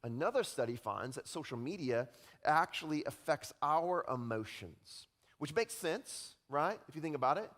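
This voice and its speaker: A pastor delivers a sermon in a lively, conversational way, his voice sitting a little higher than most men's. He keeps checking in with his listeners and acts out the people he describes. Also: moderate pace. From Utah. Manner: conversational, animated, often tags lines with "right?".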